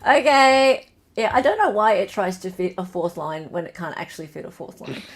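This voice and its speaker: A woman's voice: mid-range voice, slightly rough. Playful Australian woman hosting a quiz. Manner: playful, reads quiz options slowly and repeats them. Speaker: livestream quiz host. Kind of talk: casual livestream chat.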